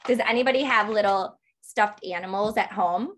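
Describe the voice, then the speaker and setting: A woman reading a picture book aloud to toddlers, animated and sing-song, gasping with excitement and asking the children questions. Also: medium pitch, normal speed. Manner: asks the children questions throughout. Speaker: toddler book club reader.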